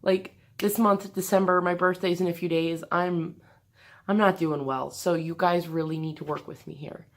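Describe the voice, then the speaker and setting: A woman vlogger talking candidly to the camera from her bed, in a halting, hesitant way with many restarts. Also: on the low side, steady tone, a little hiss or hum. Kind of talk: candid personal talk to camera. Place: bedroom, sitting on an air mattress.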